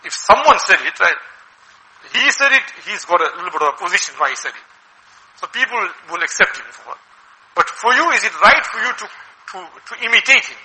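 A man preaching a sermon as an Islamic preacher, animated and full of rhetorical questions. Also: high-pitched, brisk, rough recording. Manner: animated, asks rhetorical questions, acts out quoted voices.

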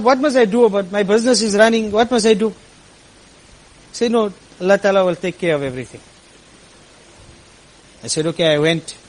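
Male storyteller, high pitch, lively delivery that acts out the dialogue. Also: rough recording. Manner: animated, quotes people in lively voices. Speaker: speaker telling a personal story. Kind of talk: storytelling talk to an audience.

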